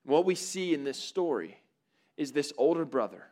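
A man's voice: a little high, very animated, moderate pace, mellow. A man preaching a sermon to students in a conversational way, with frequent fillers and repeated words. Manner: conversational, many fillers and restarts.

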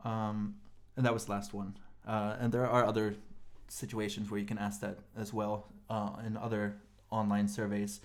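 A sleep-deprived man co-hosting a podcast in casual chat, tired and yawning, talking haltingly with many ums and restarts. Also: fairly low pitch, monotone. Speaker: podcast co-host.

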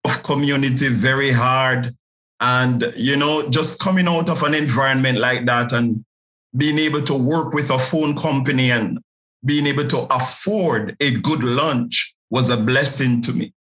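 A man's voice: mid-range voice, steady tone, unhurried, fairly bright tone, low-quality recording. A man from Jamaica with a Jamaican accent, speaking as a pastor and podcast guest, earnest and often repeating words as he starts a thought. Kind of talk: podcast interview guest, preaching.

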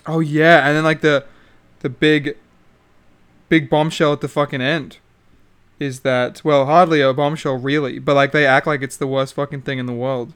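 A man's voice: fairly high pitch, level tone, normal speed, fairly bright tone, clear, resonant tone. A young man hosting a solo podcast, ranting casually and swearing about a reality show, with lots of fillers. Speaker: podcast host. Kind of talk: casual solo recap chat.

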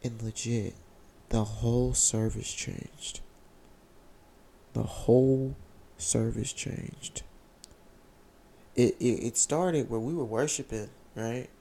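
A young man telling an emotional, excited personal testimony, repeating phrases as he speaks. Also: mid-range voice, slow, vocal fry.

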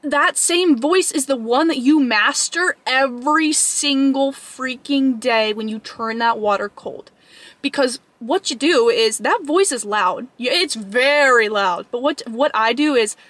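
A woman's voice: sits high, a bit bright, no echo. A young woman giving an earnest, emphatic motivational talk to camera as a fitness vlogger. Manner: earnest, emphatic, acts out an inner voice in quick asides.

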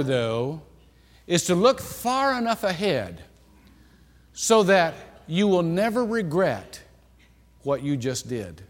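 Animated man preaching in a reverberant hall. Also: on the high side. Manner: animated storytelling, acts out quoted dialogue. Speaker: pastor. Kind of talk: sermon. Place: church sanctuary.

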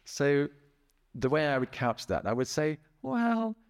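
A middle-aged man speaking as a therapist guest in a relaxed interview, chatty, laughing often and restarting his sentences. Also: mid-range voice, moderate pace, clean tone, no echo, studio quality. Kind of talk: casual interview talk.

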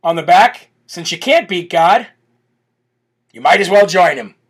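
A man's voice: high-pitched, unhurried, husky. A man hosting a live talk show, talking animatedly to his viewers and often laughing. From United States. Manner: animated, laughing, mock accents. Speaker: host.

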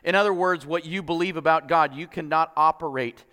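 A man's voice: a little high, a little fast, bright, forceful tone. A man preaching a sermon as pastor, often repeating words as he starts sentences and building in intensity. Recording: long reverb of a hall.

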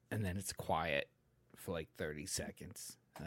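A man's voice: low voice, moderate pace, dry recording. A man hosting a podcast in casual chat, rambling with lots of fillers and casual swearing. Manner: close to the mic, sometimes trails off quietly. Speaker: podcast host and editor.

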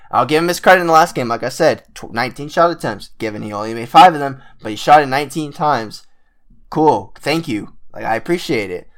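A young man, sick and with a cracking voice, ranting in casual commentary as a frustrated basketball fan who swears a lot. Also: mid-range voice. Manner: exasperated, swears a lot, many fillers.

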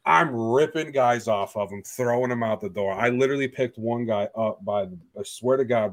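A young man hosting a podcast, telling a story in a blunt, profane, animated way. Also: mid-range voice. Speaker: podcast host. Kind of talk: casual storytelling chat.

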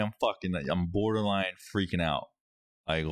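Young male co-host, deep voice, profane rambling storyteller, dry sound. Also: steady tone, normal speed, no echo. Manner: profane, rambling, swears constantly. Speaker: podcast co-host. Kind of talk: casual storytelling chat.

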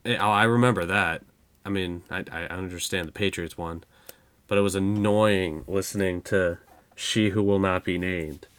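A young man with a fairly low voice co-hosts a podcast, chatting loosely and joking his way through stories with lots of fillers. The recording is dry and close, with no room sound around him. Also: normal speed, a bit bright, smooth, no echo. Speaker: podcast co-host. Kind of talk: casual chat.

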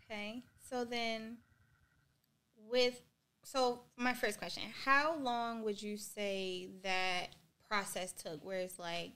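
Woman host asking follow-up questions, attentive, mid pitch. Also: steady tone, slow, clear, resonant tone. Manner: attentive, guiding with follow-up questions and soft affirmations. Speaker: podcast host. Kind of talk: interview questioning.

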